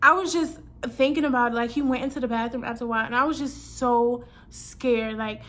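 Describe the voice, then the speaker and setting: Young woman, casual storytime vlog, slangy, animated, acts out the dialogue, slightly high voice. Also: fairly quick. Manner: chatty, animated, slangy, quotes herself and others in the story. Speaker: vlogger.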